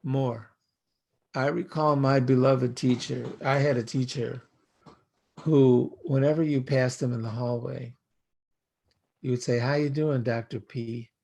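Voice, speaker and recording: An older American man, a rabbi, giving a reflective sermon in slow, measured, poetic phrasing. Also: medium pitch, steady tone, creaky, a little mellow.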